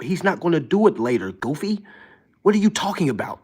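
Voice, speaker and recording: His voice husky and his pace fairly quick, the livestream host goes on an animated, casual rant. Viewers get called "y'all," and he mocks people by imitating them in a high pitch.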